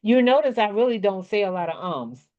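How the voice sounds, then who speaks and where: With a medium pitch, a sing-song lilt and a fairly quick pace, a woman with a slight country twang from around Maryland leads a casual workshop on business speaking. Her manner is chatty and coaching, with frequent "okay? right?" check-ins. She's indoors at a computer using a desk mic with webcam, and the sound is dull and lo-fi.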